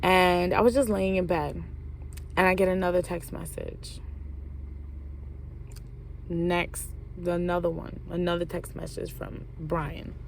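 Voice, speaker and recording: Slow, low-voiced young woman vlogger. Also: fairly even intonation, vocal fry, slight background noise. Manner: slangy, profane, fills talk with "like". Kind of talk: casual storytime vlog.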